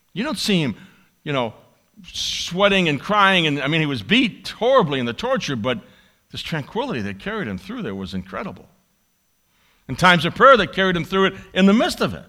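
A male pastor delivers a sermon in a bright, forceful voice that sits a little high. His pitch swings widely as he dramatizes pleading prayers. He repeats key lines for emphasis.

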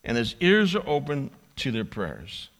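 A man's voice: mid-range voice, wildly swooping pitch, a little slow. A male pastor preaching a sermon, acting out a pleading prayer with drama and repeating his key lines for emphasis.

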